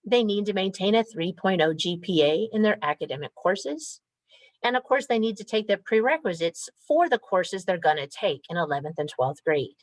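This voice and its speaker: A woman who coordinates a school program gives a clear, methodical and upbeat presentation to parents over a video call. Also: mid-range voice, animated, moderate pace, dry recording, rough recording.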